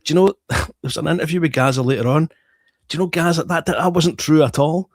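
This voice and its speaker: A man's voice: on the high side, fast talker, no room sound. A man with an English received-pronunciation accent, telling a sweary story in casual podcast chat. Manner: sweary, storytelling, laughs while talking. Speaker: podcast co-host.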